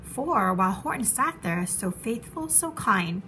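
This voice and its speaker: A woman teacher reading a children's storybook aloud, expressive and animated, dropping to a hush at tense moments. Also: mid-range voice, a little slow, a little hiss or hum, rough recording.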